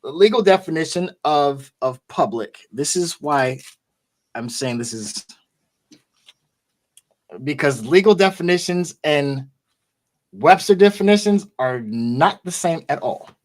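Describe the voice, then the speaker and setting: A man's voice: on the high side, lively intonation, measured pace, long pauses. A man from the United States hosting a podcast in a loose, conversational way, with many restarts and "okay?" asides. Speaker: podcast host. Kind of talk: casual podcast discussion.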